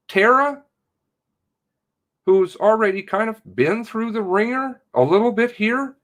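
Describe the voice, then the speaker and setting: Here the Canadian livestream host speaks in a fairly bright voice that sits high, unhurried and broken by frequent pauses. He calls out viewers from chat by name while ranting with indignation in his casual commentary stream.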